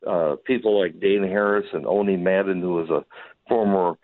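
A man calling in by phone, hoarse from losing his voice, speaking enthusiastically with many halting fillers. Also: low-pitched, fairly even intonation. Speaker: phone guest, venue operator. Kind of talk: phone interview. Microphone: telephone. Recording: tinny phone line.

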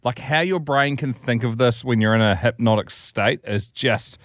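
A man co-hosting a podcast, telling stories casually, swearing freely and acting out quotes in loud, high voices. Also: normal speed, dry recording, clean studio sound. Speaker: podcast co-host. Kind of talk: casual storytelling chat.

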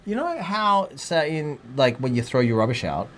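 An Australian man co-hosts a relaxed chat, spinning anecdotes. His pitch leaps and dips all over the place, and he breaks into shouts when he gets worked up. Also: normal speed. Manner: animated storyteller, swings into loud outbursts. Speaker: co-host. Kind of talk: casual chat.

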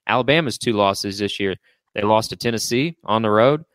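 A man's voice: fairly low pitch, normal speed, fairly bright tone, smooth, no echo. A man hosting a casual sports podcast, talking things over with fillers and putting questions to his co-hosts. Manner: conversational, many fillers and restarts, poses questions to co-hosts. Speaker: podcast host.

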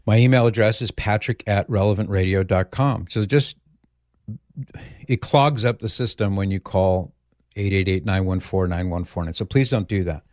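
A man hosting a call-in radio show, chatting gently with callers and leading a prayer. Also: sits low, moderate pace, no room sound, clean studio sound.

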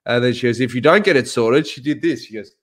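A man co-hosting a casual podcast, telling a story with lively acted-out voices. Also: mid-range voice, quick pace. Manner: animated, acts out voices in his stories. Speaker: podcast co-host.

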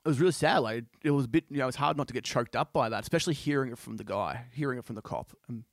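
A man's voice: medium pitch, rapid-fire, no room sound, clean studio sound. A man on a podcast casually retelling a story he heard, rambling with lots of fillers. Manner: rambling, many fillers like "you know" and "like". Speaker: podcast host.

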